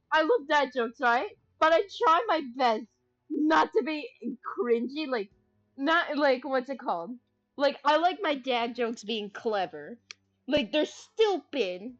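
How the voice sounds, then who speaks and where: A woman's voice: high-pitched, fairly bright tone. A woman streamer chatting casually and rambling, giggling often and swearing freely as she jokes around. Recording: dull lo-fi stream audio.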